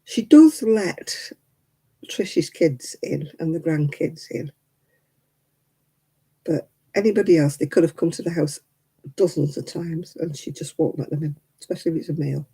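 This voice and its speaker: A woman's voice: sits low, moderate pace, long pauses, warm tone, husky, rough recording. A woman in her seventies chatting casually and rambling with chuckles while she hosts a crafting livestream. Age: 70s. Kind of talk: casual chat.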